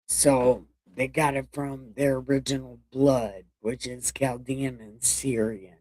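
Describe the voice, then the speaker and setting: A woman's voice: a bass voice, steady tone, slow pace, a little mellow, no room sound. A woman casually reading scripture aloud and breaking off for irreverent, profane asides. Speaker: Bible reading vlogger. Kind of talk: casual Bible reading with commentary.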